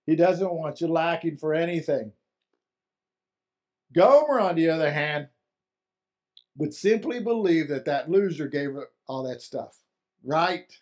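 A man preaching a sermon in a conversational way, repeating words for emphasis. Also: fairly high pitch. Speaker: pastor.

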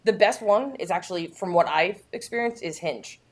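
A woman's voice: fairly low pitch, moderate pace. A woman talking candidly and earnestly as a guest in a casual chat, often restarting her sentences.

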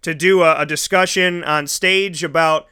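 A man's voice: on the high side, steady tone, normal speed, bright, forceful tone, clear, resonant tone. A man hosting a casual interview, talking enthusiastically and rambling with restarts. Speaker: host.

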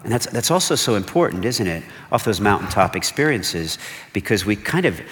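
A male pastor preaching a sermon, animated and conversational, with emphatic repeated warnings and frequent checks like "okay?" to the congregation. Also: sits low. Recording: long hall reverb.

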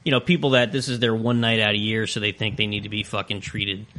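A young man telling profane, animated stories as a guest in a casual podcast chat. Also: fairly low pitch, fast.

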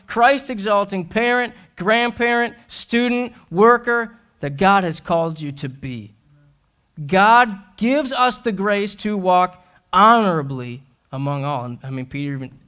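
A man's voice: sits high, sharp tone, clean tone. A male pastor preaching a sermon in a church, earnest and self-deprecating, ending in prayer. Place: church sanctuary.

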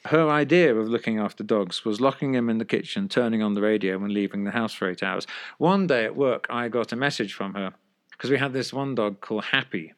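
A man's voice: on the low side, fairly quick. Wry man telling a funny story. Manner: wry, deadpan, chuckling, with casual swearing. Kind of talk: casual anecdotal storytelling.

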